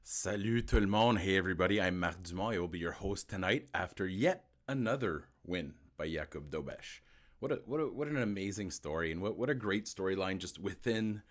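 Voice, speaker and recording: A man with a low, deep voice hosts a live post-game hockey show. He talks casually to his viewers, often stumbling and repeating words as he gathers his thoughts. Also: animated, brisk. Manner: chatty, repeats words while thinking. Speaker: host.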